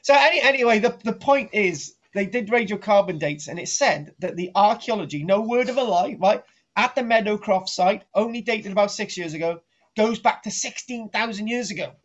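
A man's voice: high-pitched, expressive, moderate pace. A middle-aged man giving a rambling, jokey archaeology lesson on a live stream, teasing his co-host and restarting his sentences. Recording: dull lo-fi home stream audio.

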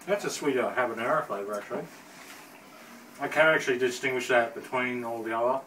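A man's voice: mid-range voice, brisk, bright, forceful tone. A man hosting a casual hot sauce tasting and chatting with friends about the heat. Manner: coughing, eyes watering from spice. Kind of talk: casual chat while tasting. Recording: echoey room, from far off, faint noise.

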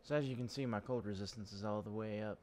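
A man's voice: fairly low pitch, fast talker, darkish tone, a little hiss or hum. A man casually commenting while he plays a video game, chatty and rambling, joking about himself. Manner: chatty, rambling, self-deprecating. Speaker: gaming channel host. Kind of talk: casual let's-play commentary.

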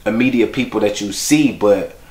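A man with a fairly low voice talks through memories in a relaxed, slangy, heartfelt way. His words carry a noticeable roomy echo, like a documentary interview recorded in an open space. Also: normal speed. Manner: casual, reflective, heartfelt, slangy. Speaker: bereaved father recalling his son. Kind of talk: documentary interview, personal storytelling.

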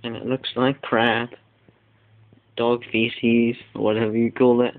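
A man's voice: medium pitch, flat delivery, unhurried. A teenage boy vlogging casually at home, rambling and complaining in an exaggerated, whiny way, recorded on a tinny, lo-fi line with faint hiss.

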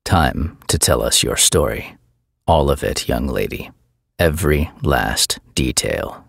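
A man doing a protective father with a low, rumbling voice that lays down the law with no-nonsense firmness. The sound is dry and close, with no room around it, as in an audiobook character voice. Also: animated, takes it slowly, vocal fry, a bit bright, breathy edge, dry recording, full character voice. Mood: serious. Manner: stern, commanding, no-nonsense. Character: firm protective middle-aged father.

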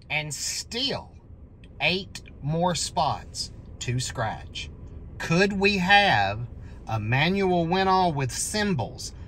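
Scratch-ticket vlogger, very slow and bright, lively pitch swings, number-calling with excited outbursts. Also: a little hiss or hum. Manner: counts numbers aloud, bursts into excited shouts at wins. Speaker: scratch-off lottery channel host.

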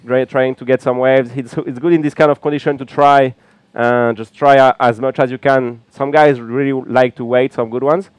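A man with a French accent giving relaxed, chatty live commentary from a small booth at a beach event, with frequent fillers. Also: medium pitch, clean tone, dry recording. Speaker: color commentator.

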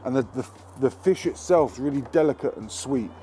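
A man's voice: mid-range voice, animated, fairly quick, mellow, a little hiss or hum. A man hosting a cooking show, talking casually and cheekily to camera with plenty of swearing, cooking at an outdoor barbecue.

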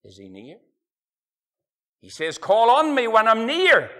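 In a church hall, a middle-aged Northern Irish preacher gives an impassioned evangelistic sermon in an unusually high, bright, forceful voice, slow and sing-song. His revival-style delivery swings from loud to hushed, and he quotes scripture in old-fashioned phrasing.

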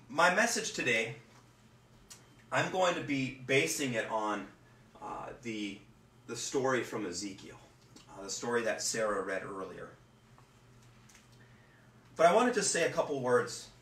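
A male pastor preaches from home in an earnest, halting way, often repeating his words. He sits back from the mic, and his voice rings through a roomy space with faint noise behind it. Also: on the low side, a bit bright, distant mic. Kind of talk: scripture reading and sermon. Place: home room.

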